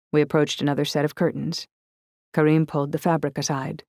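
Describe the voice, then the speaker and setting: A woman's voice: deep voice, little pitch movement, brisk, a little mellow, no room sound. Woman narrating an audiobook, dry and close. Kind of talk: first-person scripted narration.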